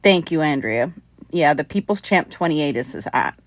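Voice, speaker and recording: A woman's voice: deep voice, animated, moderate pace, dry recording. A woman hosting a live stream, talking earnestly and conversationally and thanking her viewers. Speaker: livestream host.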